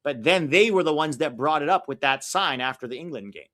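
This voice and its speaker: A man's voice: on the high side, expressive, fairly quick, a bit bright. A man hosting a live watch-along stream, giving casual, opinionated commentary and reacting to the play as it happens. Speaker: livestream watch-along host.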